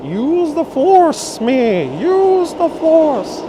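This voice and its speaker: Tiny ancient alien sage. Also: male voice, very high-pitched, huge pitch swings, warm tone, a little hiss or hum, pitched above the performer's own voice, heavily acted, rough recording. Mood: wise. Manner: inverted word order, slow and croaky. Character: small ancient wise green alien master.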